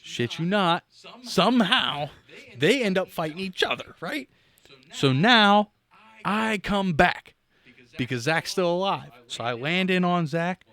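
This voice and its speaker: Middle-aged male podcast co-host, raised pitch, animated profane storyteller. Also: slow. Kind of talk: casual chat.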